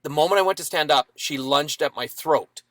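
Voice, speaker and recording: Animated storytelling man, dry close sound. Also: a little high, a little fast, no echo. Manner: animated, dramatic retelling with acted quotes. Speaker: podcast guest. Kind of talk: storytelling in a podcast interview.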